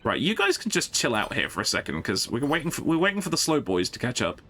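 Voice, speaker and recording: Jokey excitable man streaming. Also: medium pitch, fast talker, background noise. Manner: jokey and excitable, stumbling restarts. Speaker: streamer playing a strategy game. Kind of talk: casual live-stream commentary.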